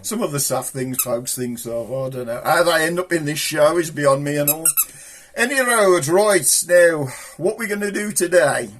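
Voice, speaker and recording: Comic host: Black Country man, husky, a touch high, cheeky rambling patter. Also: moderate pace. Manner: broad, cheeky, rambling banter. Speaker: puppet show host. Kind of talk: comic chat with a puppet.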